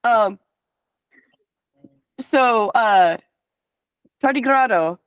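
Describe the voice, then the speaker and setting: Woman, game master, casual and profane, higher pitch, dry sound. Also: animated, extremely slow, smooth, no echo. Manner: casual, swears, hesitant fillers. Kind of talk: narrating a tabletop game.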